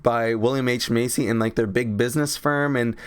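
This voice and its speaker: A man's voice: medium pitch, fairly even intonation, a little fast, clear, resonant tone. A young man reviewing a movie in a casual, rambling, crude way full of fillers.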